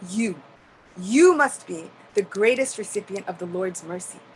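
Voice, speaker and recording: A woman's voice: mid-range voice, expressive, measured pace, darkish tone, a little hiss or hum, voice pushed down, natural voice, poor audio. A woman voicing Narada, a respectful male sage praising his father, in a devotional story. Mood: reverent. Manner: reverent, praising.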